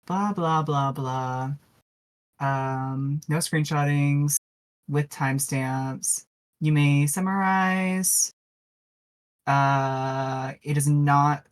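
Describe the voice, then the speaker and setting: Woman on voice chat, very deep voice, slow and unhurried, reads rules aloud. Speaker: player in an online strategy game. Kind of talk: casual voice chat. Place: online voice chat.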